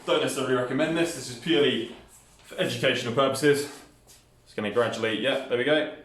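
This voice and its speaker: A man's voice: medium pitch, fast, fairly bright tone. A man presenting a hands-on science experiment, explaining each step with enthusiasm. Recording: echoey room, mic at a distance.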